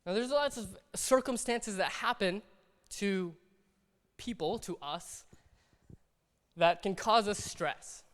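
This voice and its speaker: A man's voice: high-pitched, takes it slowly, pauses often, fairly bright tone. A man preaching a sermon in a conversational way, acting out little everyday scenes as he talks. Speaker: pastor. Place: church hall. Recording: long hall reverb.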